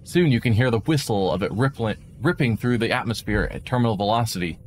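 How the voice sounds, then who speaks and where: Low-voiced man narrating a game. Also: animated, fast talker, a little hiss or hum. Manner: dramatic narration with asides. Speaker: let's play streamer. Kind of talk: reading a visual novel aloud.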